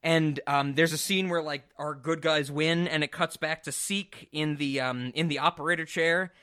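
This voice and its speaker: A man co-hosting a casual film podcast, excitable and rambling, swearing freely as he talks. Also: fairly high pitch, moderate pace, clear, resonant tone, no echo, studio quality. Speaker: podcast co-host.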